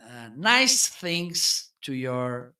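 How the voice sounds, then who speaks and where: Unhurried male livestream host, lively pitch. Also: clean tone. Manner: halting, searches for words; hums nonsense syllables while testing. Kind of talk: casual livestream gear demo.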